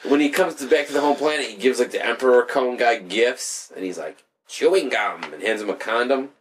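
A man's voice: mid-range voice, fairly quick. A young man in casual chat with a friend, rambling through scenes from films and shows with lots of swearing. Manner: rambling, profane storytelling that acts out quotes.

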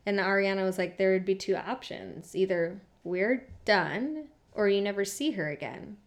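A young woman chatting casually as a podcast co-host, blunt and profane, her voice at an ordinary middle pitch. She laughs often and slips into quick impressions of the people she quotes. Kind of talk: casual chat recapping reality TV.

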